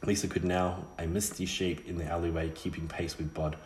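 A man reading a novel aloud in a measured, steady way, with small slips. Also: low-pitched, roomy sound. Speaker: narrator. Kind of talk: audiobook reading.

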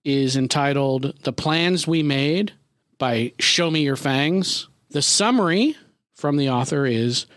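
A man co-hosting a podcast, cracking dry jokes and slowly reading out a story's introduction. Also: on the high side, lively intonation, a bit bright, dry recording. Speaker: podcast co-host. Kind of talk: casual chat.

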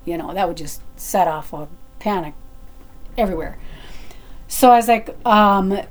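Middle-aged woman, casual storytelling, chatty and animated, bit self-deprecating. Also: mid-range voice, a little slow.

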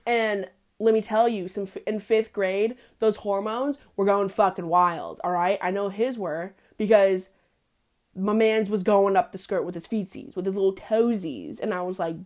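A woman's voice: mid-range voice, normal speed, a little mellow. A young woman hosting a casual confessional monologue, sassy and full of profanity and slang. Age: young adult.

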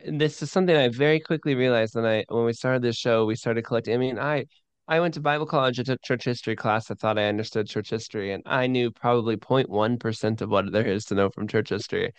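Eager male guest, animated and keen, mid pitch, dry close recording. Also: brisk, clean tone, no room sound. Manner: eager, animated, with frequent restarts. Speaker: podcast guest and sermon producer. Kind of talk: enthusiastic interview talk.

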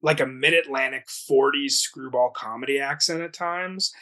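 A man's voice: mid-range voice, normal speed, pushed and bright. A man chatting about movies on a podcast, enthusiastic, opinionated and casually profane. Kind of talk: casual film chat.

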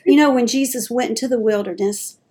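A woman's voice: on the high side, fairly quick, warm tone, breathy edge. A middle-aged woman giving an earnest, homespun, faith-based personal talk as a dementia advocate. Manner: earnest, homespun storytelling with folksy phrasing.

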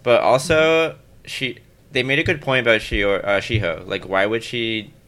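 A man's voice: medium pitch, steady tone, normal speed, fairly bright tone. A man co-hosting a podcast, talking casually and hesitantly, with frequent restarts. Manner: hesitant, many restarts and fillers. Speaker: podcast co-host. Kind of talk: casual chat.

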